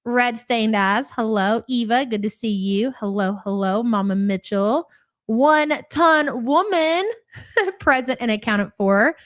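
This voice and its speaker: A woman's voice: medium pitch, unhurried, dry recording, clean studio sound. A woman with a cold hosting a live stream, chatting casually and greeting viewers by name one after another. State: stuffy, has a cold.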